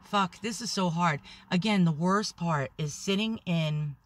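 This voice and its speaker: Anxious lady vlogging in her car on her phone, rambly, swears a ton, gets loud when nervous, bit of traffic hum behind. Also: on the low side, unhurried. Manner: talks loudly when nervous. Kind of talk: nervous selfie vlog. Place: inside a parked car.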